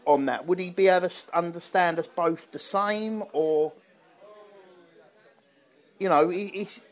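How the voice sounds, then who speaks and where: A man's voice: high voice, measured pace. A man co-hosting a podcast in casual chat, rambling with many restarts and fillers. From England. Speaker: podcast co-host. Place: London.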